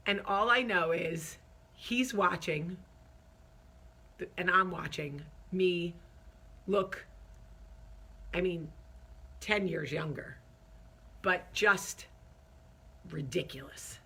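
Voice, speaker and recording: A woman host telling a funny story in an animated, self-deprecating way, acting out the quotes. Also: fairly low pitch, slow pace, gravelly, pauses often, husky. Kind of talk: comic storytelling.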